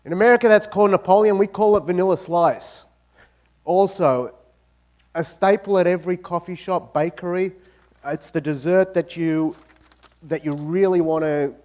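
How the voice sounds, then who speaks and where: Animated Australian man, joking storyteller. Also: on the high side. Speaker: guest speaker. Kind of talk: lively talk to an audience. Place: university auditorium.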